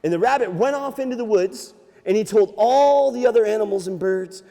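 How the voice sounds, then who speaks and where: A man working as a nature museum storyteller, telling an animated, playful tale to children with sound effects. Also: high voice, brisk. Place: library room. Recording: echoey hall.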